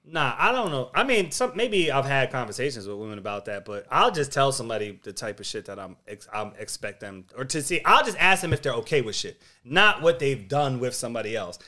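A man's voice: mid-range voice, very animated, brisk, hardly any pauses, bright, forceful tone. A man co-hosting a casual podcast, arguing bluntly and profanely and laughing between points. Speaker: podcast co-host.

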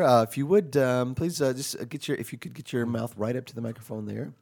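A male comedy podcast host whose voice has a gravelly, creaky edge. He rambles through improvised banter, stalling often on fillers and restarts. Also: medium pitch, darkish tone, soft background music. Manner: rambling, halting, full of fillers.

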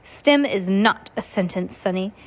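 A nervous, prim older aunt from a storybook, as a woman reader puts her on, high-strung and quick to scold over grammar. She sounds fretful and stern by turns, with a fussy, proper manner. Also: natural voice.

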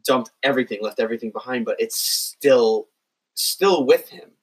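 A man's voice: mid-range voice, moderate pace, poor audio. A man on a podcast, animatedly retelling film scenes in casual discussion. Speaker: podcast co-host.

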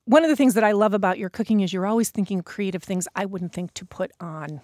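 A woman's voice: mid-range voice, quick pace, a little mellow, dry recording. A woman hosting a live radio interview in a studio, upbeat and enthusiastic, sometimes talking while tasting food. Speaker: radio host.

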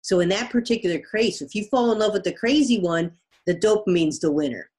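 A woman biology professor appears as a guest in a conversational interview, explaining ideas casually with everyday examples. Her voice is mid-range and darkish in tone, and she speaks fairly quickly.

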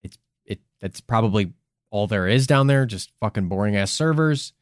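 A man's voice: lowish voice, animated, normal speed, no echo, clean studio sound. A man co-hosting a casual podcast, rambling and swearing as he jokes through his points. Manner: rambling, profane, joking. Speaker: podcast co-host.

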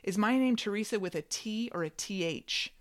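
A woman doing a quiet, withdrawn grown daughter. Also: medium pitch, moderate pace, voice pushed up, lightly acted. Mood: hesitant.

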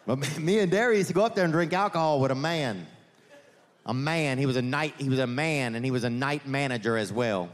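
A man doing a stand-up comedy set at a live venue. He rambles through the story, corrects himself often and drops deadpan asides. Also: medium pitch, a little fast.

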